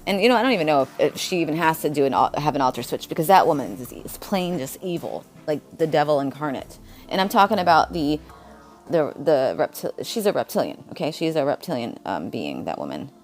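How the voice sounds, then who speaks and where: A woman's voice: low-pitched, big pitch swings, brisk, soft background music. A woman vlogger talking in a blunt, rambling monologue, jumping from topic to topic. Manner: blunt, jumps between topics.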